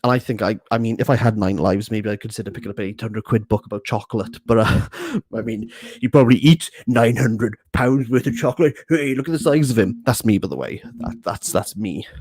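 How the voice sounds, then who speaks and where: In a small box room at home, a young man from Wales rambles through his bookshelves for his book vlog, cracking self-mocking jokes with laughs. He talks fairly quickly in a husky, darkish, medium-pitched voice with fairly even intonation and no echo.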